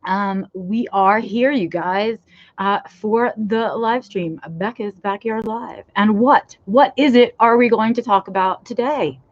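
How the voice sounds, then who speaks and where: A woman's voice: medium pitch, slow pace, muffled recording. A woman hosting her own live stream outdoors, chatting casually and rambling with lots of fillers while feeling cold. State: cold, shivering. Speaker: vlog host. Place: outdoors in a backyard.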